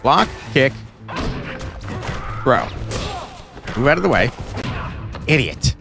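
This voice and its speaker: A man doing let's-play commentary on a martial arts game, barking quick moves and mock-insulting his own character. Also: mid-range voice, sing-song, vocal fry. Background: game music.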